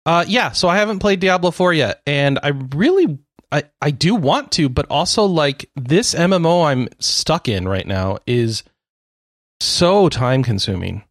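A man's voice: on the high side, lively intonation, unhurried, no echo, studio quality. A man co-hosting a podcast, chatting casually about games, rambling and cutting himself off, often laughing. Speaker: podcast co-host. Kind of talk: casual gaming chat.

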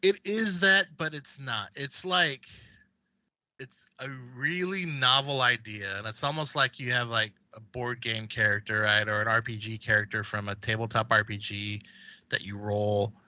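A man rambles casually about games on a podcast, his voice very bright and forward. The sound is dry and close, though a little dull in band. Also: mid-range voice, steady tone, normal speed, dry recording. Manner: rambling, with many fillers and restarts. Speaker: podcast co-host.

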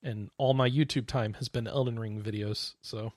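A man co-hosting a gaming podcast in casual chat, excitable and quick to exclaim. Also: medium pitch, no room sound, clean studio sound. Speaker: podcast co-host.

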